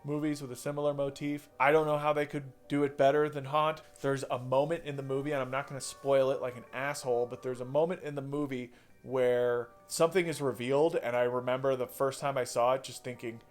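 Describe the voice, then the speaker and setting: A man's voice: mid-range voice, flat delivery, brisk, hardly any pauses, faint music behind. A man casually reviewing horror movies, rambling, swearing and correcting himself as he goes. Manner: rambling, profane, self-correcting.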